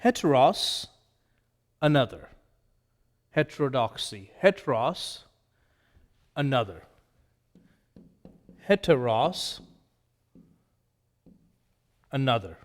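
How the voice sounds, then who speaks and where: A man teaching Greek vocabulary, slowly and deliberately repeating each word and its meaning as a drill lesson. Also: mid-range voice, very animated, in a large hall.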